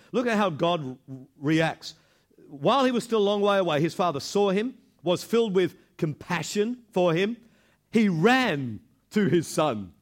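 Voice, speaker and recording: A male pastor delivering an animated sermon, retelling a story with frequent repeated words. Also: fairly high pitch.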